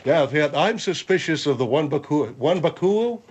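A man's voice: fairly high pitch, lively intonation, normal speed, a little hiss or hum. A man in a comedy talk, blustering and fumbling for words.

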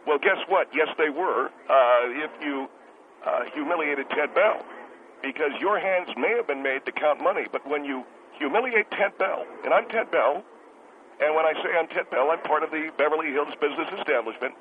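A man's voice: fairly high pitch, moderate pace, voice pushed down, close to an everyday voice. A man playing a stammering, indignant caller over a crackly phone line. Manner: indignant, stammering, repeats himself. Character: bitter, stammering male restaurant owner caller. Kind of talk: comedic radio call-in bit. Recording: noisy tinny phone line.

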